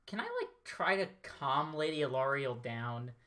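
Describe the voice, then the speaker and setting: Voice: medium pitch, expressive, measured pace, sharp tone. Chatty, self-deprecating game player. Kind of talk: casual tabletop play.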